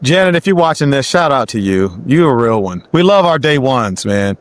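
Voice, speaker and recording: A man's voice: mid-range voice, sing-song, normal speed, crowd noise. A man hosting an interview who asks easygoing, encouraging questions in a casual way. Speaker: podcast host.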